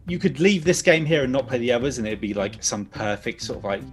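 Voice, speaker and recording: Male panelist, chatty and emotional, middle pitch, light music behind. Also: lively intonation, fast talker. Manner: rambling, emotional, laughs often. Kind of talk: casual chat.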